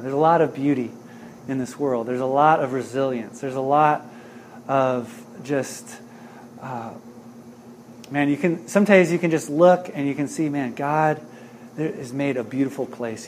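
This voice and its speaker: A man's voice: mid-range voice, a little mellow, a little hiss or hum. A middle-aged man preaching a sermon as a pastor, talking in an earnest, conversational way and often asking "right?".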